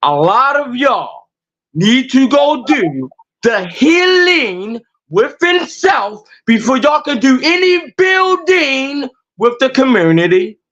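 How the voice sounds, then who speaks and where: High-voiced man ranting in heated slang. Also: a bit bright, highs cut off. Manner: profane, confrontational, repeating rhetorical questions. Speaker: podcast host.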